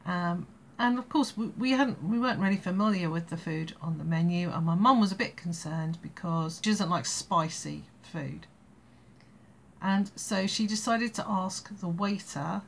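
A woman's voice: fairly low pitch, a little hiss or hum. An English woman in her sixties telling a family anecdote in a casual, rambling way, laughing between phrases. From England. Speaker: storyteller vlogger.

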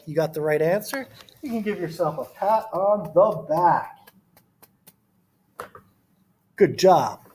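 A man's voice: high-pitched, slight background noise. A man reading a picture book aloud to children, then leading a friendly art lesson with playful quiz questions. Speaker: art teacher.

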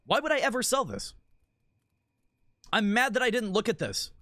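A man streaming a game, chatting casually in a rambling, profane, animated rant. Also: sits high, moderate pace, no room sound, studio quality.

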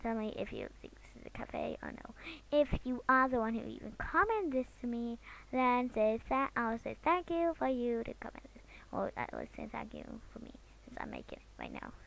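A woman from Britain chatting goofily while she draws, swinging between loud outbursts and near-whispers. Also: on the high side, huge pitch swings, moderate pace, vocal fry. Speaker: drawing vlogger. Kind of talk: casual commentary while drawing.

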